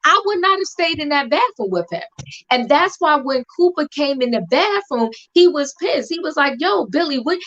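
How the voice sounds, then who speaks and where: A woman co-hosting a casual chat about a TV show, talking in an animated, emphatic, slangy way. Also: sits high, normal speed. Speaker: podcast co-host. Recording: dull lo-fi recording.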